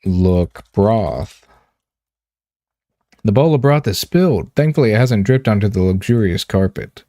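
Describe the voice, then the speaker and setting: A man streaming a game, reading text aloud with relaxed, wry asides. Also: lowish voice, unhurried, no echo, studio quality.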